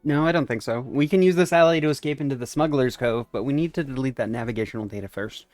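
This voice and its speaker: A casual, chatty man narrating a game as he plays, reading the dialogue and dropping wry asides. His voice sits at an ordinary middle pitch. The sound is dry, with faint game music underneath. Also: fast, darkish tone, no room sound. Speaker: game streamer. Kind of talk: let's-play commentary and reading aloud.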